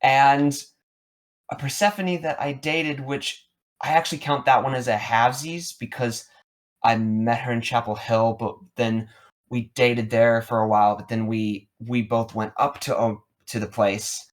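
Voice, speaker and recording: A man's voice: mid-range voice, steady tone, unhurried. Rambling man in his thirties. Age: 30s. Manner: rambling, repeats words, many fillers. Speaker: podcast co-host. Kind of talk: casual storytelling chat.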